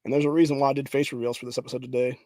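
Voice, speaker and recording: A man's voice: medium pitch, flat delivery, very fast, a little mellow, dry recording. Profane ranting man, dry close sound. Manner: profane, repeats "dude", ranting; reads headlines aloud. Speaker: political podcast host. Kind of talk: angry political rant.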